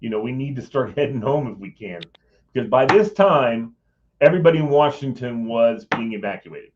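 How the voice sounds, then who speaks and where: A man's voice: mid-range voice, moderate pace, lo-fi sound, noisy background. A middle-aged man telling a personal story in casual chat, acting out what people said and chuckling as he goes. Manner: animated, acts out quoted voices, chuckles mid-sentence. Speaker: guest recounting a personal story.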